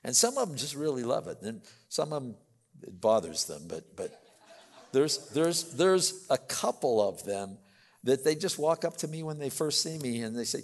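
An older male pastor preaching a sermon, booming on emphatic lines and dropping to soft asides, with a long hall reverb. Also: sing-song, normal speed, vocal fry, breathy edge.

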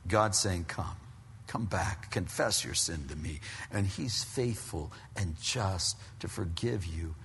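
A man's voice: sits low, a bit bright, slight background noise. A man preaching a sermon, telling a story and pressing his points with emphatic rises. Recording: long hall reverb.

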